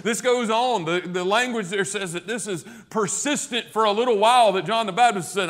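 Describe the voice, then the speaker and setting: A man's voice: high voice, brisk, few pauses, a bit bright. A man preaching a sermon, emphatic and rising in volume on key points, with conversational asides to the listeners. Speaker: pastor.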